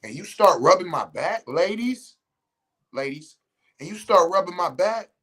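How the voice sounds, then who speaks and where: A man with a high, lively voice hosts a podcast, speaking a little fast with a slightly bright tone on a low-quality recording. He talks to listeners casually and bluntly, swearing freely and emphatically, and keeps stopping to restart sentences as he tells stories.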